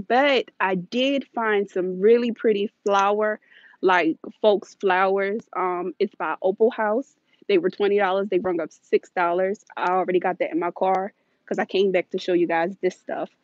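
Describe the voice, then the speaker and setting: A woman's voice: mid-range voice, a little slow, darkish tone, dry recording. A woman vlogger chatting casually and a bit scattered while streaming live from inside a large store on her phone. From United States. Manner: chatty, scattered, laughs often. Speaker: shopping vlogger. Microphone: phone held while walking. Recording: dull, dry phone audio.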